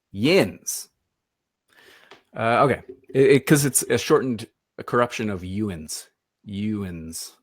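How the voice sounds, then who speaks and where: With a lowish voice and no echo, a Michigan man presents a casual online session over his computer mic. He's chatty, pokes fun at himself, and rambles off into asides.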